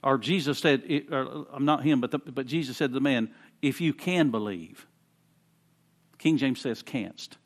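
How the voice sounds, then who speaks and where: A man preaching a sermon in a conversational way, often repeating words and swinging between quiet explanation and fervent emphasis. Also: mid-range voice, normal speed.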